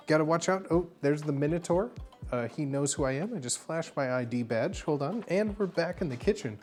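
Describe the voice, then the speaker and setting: A streamer plays a bartender for laughs, rambling and playful, with plenty of fillers. The pitch sits in the middle range. Soft music runs quietly underneath. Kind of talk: comedic livestream bartending bit. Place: home streaming setup.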